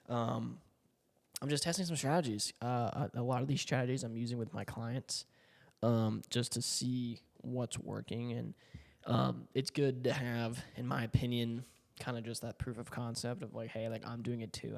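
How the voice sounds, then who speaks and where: A young man from Puerto Rico riffs casually to the camera, swearing and piling on fillers and asides. His voice has a gravelly, fried texture at a middle pitch. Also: darkish tone, big-room sound. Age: 20s. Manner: slangy, profane, full of fillers and asides. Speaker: content creator. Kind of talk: casual rambling monologue.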